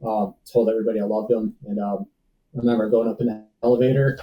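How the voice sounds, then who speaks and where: A man's voice: lowish voice, little pitch movement, fast talker, recorded from a distance, dull audio. A man telling a personal story as a podcast guest, laid-back, acting out other people's lines. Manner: laid-back, acts out dialogue, says "dude" and "man" often.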